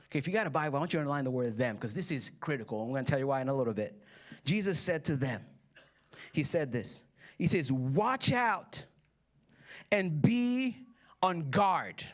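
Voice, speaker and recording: In a church hall, a pastor in his thirties delivers a sermon with a playful, joking style, bantering with the congregation and acting out the voices of people in his stories. His mid-range voice is animated and quick.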